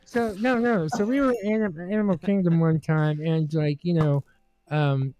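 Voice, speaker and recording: A man telling a story in casual podcast chat, halting and full of restarts and fillers, and animated when he acts out quotes. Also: a little high. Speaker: regular co-host telling a story.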